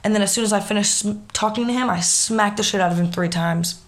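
A young woman telling a story in casual chat, animated and swearing freely. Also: medium pitch, fast talker.

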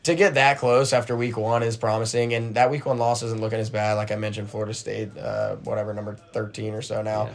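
A young man co-hosting a casual sports podcast, opinionated and animated as he tells a story. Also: fairly low pitch, brisk, vocal fry, few pauses. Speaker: podcast co-host.

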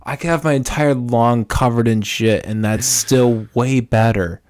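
A man's voice: medium pitch, a little slow, darkish tone, a little hiss or hum. A man hosting a podcast in casual chat, laid-back with wry interjections. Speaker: podcast host.

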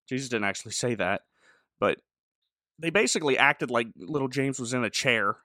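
A pastor who co-hosts a podcast chats casually about a show in a review, acting out characters' quoted lines with animation as he retells scenes. His medium-pitched voice moves a little fast, and the studio-quality recording has no echo.

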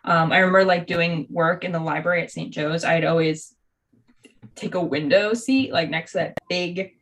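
A woman's voice: lowish voice, fairly even intonation, moderate pace, fairly bright tone, low-quality recording. A young woman co-hosting a podcast in casual chat, chatty and giggly, with lots of "like" fillers. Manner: chatty, giggly, heavy use of "like". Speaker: podcast co-host.

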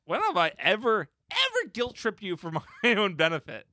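A man's voice: high-pitched, wildly swooping pitch, normal speed, bright, forceful tone, no room sound, studio quality. A man hosting a casual podcast, reading out a list and joking with friends. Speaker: podcast host.

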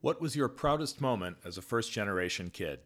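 Deep-voiced man asking questions. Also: expressive, brisk, fairly bright tone. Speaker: interviewer reading questions.

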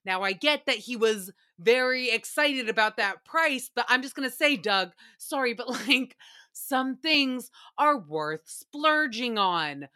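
Bright, foul-mouthed young woman host. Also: fairly high pitch, takes it slowly, clean tone. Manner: profane, animated storytelling with laughs. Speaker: podcast host. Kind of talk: casual solo recap chat.

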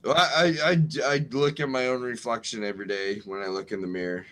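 A man's voice: mid-range voice, fairly even intonation, a little fast, fairly bright tone. A man chatting on a live stream, stammering and repeating words, now and then swearing. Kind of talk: casual banter.

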